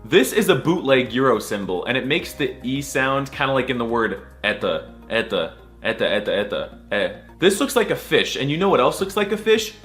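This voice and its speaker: A man's voice: mid-range voice, a bit bright. A young man giving a jokey scripted voice-over lesson, sarcastic and crude with a mock-serious tone. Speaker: comedy language explainer.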